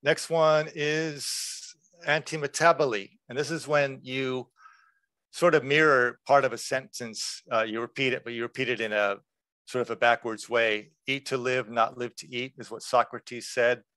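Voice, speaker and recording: A man presenting a workshop lecture in a relaxed, conversational way, explaining terms with examples. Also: medium pitch, moderate pace, dry recording.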